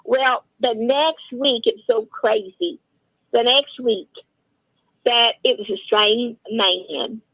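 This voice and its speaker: An older woman tells a rambling personal story over a tinny phone line. Her voice is on the high side and gravelly. The sound is dry, and she acts out every line of dialogue herself. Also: slow pace, dry recording. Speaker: open mic storyteller, regular guest. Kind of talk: casual storytelling.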